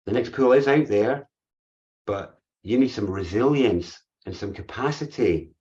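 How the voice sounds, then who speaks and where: A man's voice: mid-range voice, animated, measured pace, a little mellow, muffled recording. A man giving an earnest, reflective spiritual talk to a group, often repeating phrases as he thinks.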